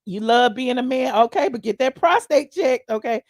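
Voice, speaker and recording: A woman hosting a casual livestream, chatting to viewers in a sassy, animated, digressive way. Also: high voice, normal speed, no room sound, clean studio sound. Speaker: livestream commentary host. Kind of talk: casual commentary reading viewer chat.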